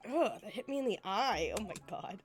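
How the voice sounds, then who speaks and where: A woman streaming a game while ill, hoarse and coughing, apologetic and self-deprecating between lines. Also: mid-range voice, animated, fairly quick, soft background music. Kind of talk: let's play commentary.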